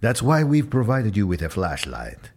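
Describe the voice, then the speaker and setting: A man puts on a stiff, self-important resort staffer, his speech formal and clipped. The voice is husky and sits low, yet it lurches widely in pitch from phrase to phrase. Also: wildly swooping pitch, moderate pace, a little mellow, heavily acted.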